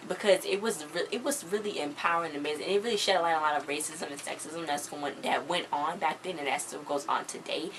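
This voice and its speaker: Chatty low-voiced woman recapping a show. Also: slight background noise, low-quality recording. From US countryside. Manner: chatty, emphatic, slangy, animated. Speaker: TV episode reviewer. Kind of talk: casual recap vlog.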